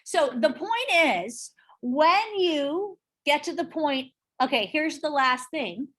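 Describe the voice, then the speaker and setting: A middle-aged woman teaching a live real estate sales class, animated and often checking in with her listeners. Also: sits high, takes it slowly. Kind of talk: live training talk to a class.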